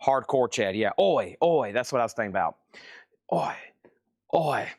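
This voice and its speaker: Male seller, live sale patter, brisk and chatty, mid-pitched, dry close sound. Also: expressive, a little mellow, no echo. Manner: brisk, chatty, lists items and prices. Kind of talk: live auction and price calling.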